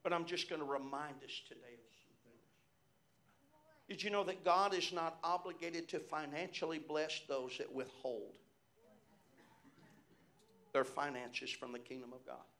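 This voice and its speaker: A middle-aged pastor with a slightly high, bright, forceful voice preaches at a measured pace with long pauses. He tells personal stories from the pulpit and punctuates his phrases with repeated amens.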